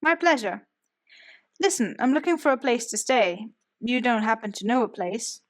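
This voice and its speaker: A woman's voice: a little high, normal speed, close to an everyday voice. A woman reading an audiobook, voicing an easygoing young male Italian art student. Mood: friendly.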